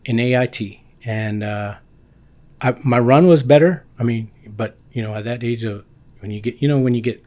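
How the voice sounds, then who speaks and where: A man in his fifties from Guam, a guest telling casual stories about his army years, animated and full of restarts. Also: mid-range voice, normal speed. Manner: animated, acts out quoted dialogue with many restarts. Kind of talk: casual storytelling.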